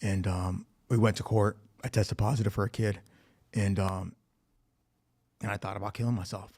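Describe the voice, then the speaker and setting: A man with a low, gravelly voice and a husky edge shares his recovery story at a meeting. He speaks candidly and swears freely, acting out the things people said to him. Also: fairly even intonation, moderate pace, a little mellow. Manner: candid and profane, acting out quoted dialogue. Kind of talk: personal testimony. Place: recovery facility meeting room.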